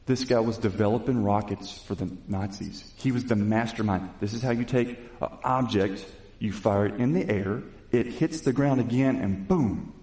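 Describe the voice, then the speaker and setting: A man's voice: fairly low pitch, moderate pace, dark tone. A man preaching a sermon. He reads scripture, retells it in his own casual words, and builds to emphatic questions. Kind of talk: sermon with Bible reading. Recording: echoey room.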